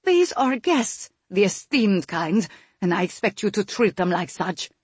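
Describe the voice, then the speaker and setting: A woman's voice: mid-range voice, animated, normal speed, husky, no echo, pitched above the performer's own voice. A woman voicing a commanding noblewoman mother who is emotional and bossy, in an audiobook reading. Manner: loud, urgent, commanding.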